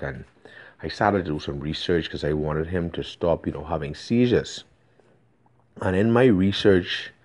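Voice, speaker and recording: A man's voice: low voice, darkish tone. A Bahamian man with a Bahamian accent, recording an urgent, pleading voice message in a preachy, insistent way. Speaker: voice-note sender. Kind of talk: voice message monologue.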